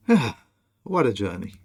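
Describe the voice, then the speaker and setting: A man presenting a monologue over on-screen images, slow, emphatic and commanding as he speaks straight to the viewer. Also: lowish voice, creaky, husky. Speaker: video presenter.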